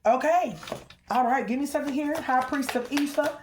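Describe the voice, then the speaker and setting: A woman with a high-pitched voice speaks at normal speed against a noisy background, giving a collective spiritual reading aimed at the viewer. She is emphatic, calls out to the ancestors mid-reading, and keeps checking in with "okay?"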